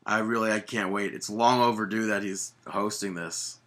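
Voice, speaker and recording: A man's voice: lowish voice, fairly even intonation, moderate pace, fairly bright tone. A young man co-hosting a casual podcast, enthusiastic, laughing often and trailing off mid-sentence. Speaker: podcast co-host.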